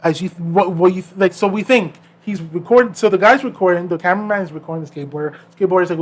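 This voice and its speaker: Animated male podcast storyteller. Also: high voice, rapid-fire, few pauses. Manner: animated storyteller acting out quoted people. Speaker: podcast co-host. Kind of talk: casual storytelling chat.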